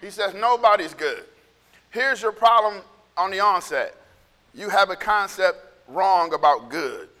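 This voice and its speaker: A man's voice: sits high, expressive, measured pace, bright, forceful tone. A man preaching a casual, conversational sermon. He repeats himself and acts out the people he quotes. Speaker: pastor. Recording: echoey hall.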